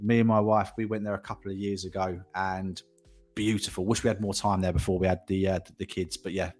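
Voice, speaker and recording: A man hosting a casual property livestream, chatting and reading out viewer comments, often repeating himself and laughing. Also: lowish voice.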